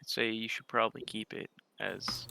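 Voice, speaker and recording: A man playing a tabletop game, joking around and quick to laugh. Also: lowish voice, flat delivery, gravelly, noisy background. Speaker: player.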